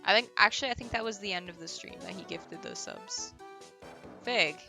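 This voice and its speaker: A woman's voice: mid-range voice, moderate pace, bright, forceful tone, faint music behind. A woman streaming a game, chatting casually and giggling as she answers chat.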